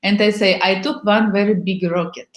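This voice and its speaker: A woman's voice: medium pitch, fairly even intonation, moderate pace. A woman, speaking broken English as a workshop host in a casual chat, frank and playful, acting out little scenes as she goes. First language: Bulgarian. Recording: echoey room.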